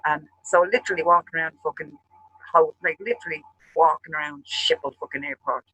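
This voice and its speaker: A man hosting a chat show, telling a rambling, profane story in an animated way. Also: fairly high pitch, a little fast, breathy edge, low-quality recording. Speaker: show host.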